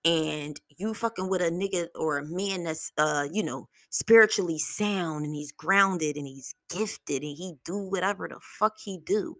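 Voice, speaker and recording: Blunt, gravelly-voiced woman podcast host. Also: lowish voice, normal speed, few pauses, dry recording, studio quality. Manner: blunt, profane, animated storytelling. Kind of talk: solo podcast talk.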